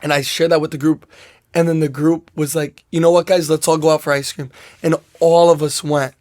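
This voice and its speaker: Young soccer guy rambling through his story, kinda high voice, lots of "like". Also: flat delivery, a little fast, a little mellow. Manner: rambling, full of "like" and "I was like" quotes. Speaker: soccer player guest. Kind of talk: casual interview storytelling.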